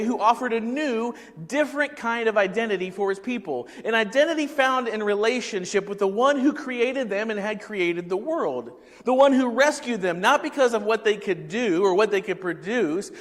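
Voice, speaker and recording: Pastor, male, high voice, casual sermon delivery that quizzes the room, hall reverb. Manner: conversational preaching, asks the congregation questions.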